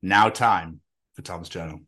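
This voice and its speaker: A man's voice: deep voice, measured pace, slightly rough. A man co-hosting a podcast, joking and swearing in casual chat, with frequent laughs. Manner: sweary, jokey, lively, bursts of laughter. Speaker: podcast co-host.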